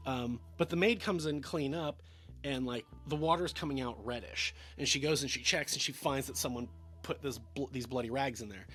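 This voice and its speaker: A man's voice: mid-range voice, normal speed, fairly bright tone, soft background music. A man giving a casual film review, rambling with lots of fillers and stammered restarts.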